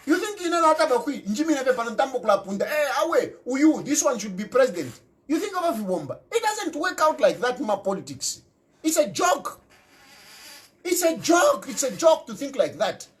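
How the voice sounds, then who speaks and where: Fiery Zambian man, lively pitch. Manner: emphatic, repeats phrases, peppers talk with rhetorical questions and "eh?"; mixes English with local language. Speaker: political commentator. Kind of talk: impassioned political commentary.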